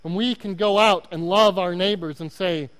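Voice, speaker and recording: A man with an Oklahoma accent preaches a sermon in a high, bright-toned voice. He is earnest and self-deprecating and repeats words as he presses a point. His voice rings with the long reverb of a church hall. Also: moderate pace, smooth. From Oklahoma, United States. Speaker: guest preacher.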